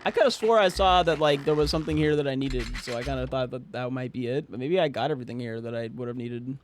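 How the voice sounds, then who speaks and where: A man streaming a video game, rambling and joking with chat and breaking into loud excited outbursts. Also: medium pitch, fast talker, slight background noise. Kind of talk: casual live-stream chatter.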